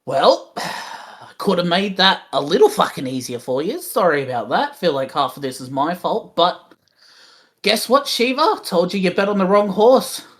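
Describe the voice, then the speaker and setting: A woman's voice: fairly low pitch, very animated, normal speed. A woman doing a cocky, smug male rogue ghost. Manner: swearing, mocking.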